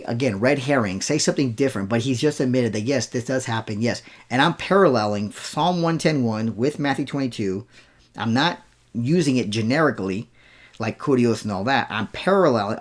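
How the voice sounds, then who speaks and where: A man talks through a rebuttal as the host of his own show. His voice sits in an ordinary middle pitch, and his delivery is insistent and argumentative, circling back to repeat key words for emphasis. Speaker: show host and Bible scholar. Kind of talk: rebuttal commentary.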